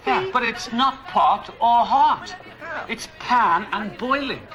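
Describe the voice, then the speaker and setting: An English comedian in a mockumentary scene, polite but indignant and prone to stammering. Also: male voice, very high-pitched, lively intonation, slow pace, lo-fi sound.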